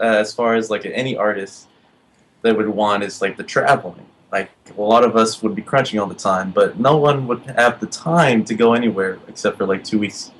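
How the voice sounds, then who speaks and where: A man co-hosting a podcast with a low voice. He feels his way through his questions, leaning on fillers. A faint background hiss sits under the recording. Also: a bit bright, poor audio. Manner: halting, uses many fillers. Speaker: podcast co-host. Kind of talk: casual podcast chat.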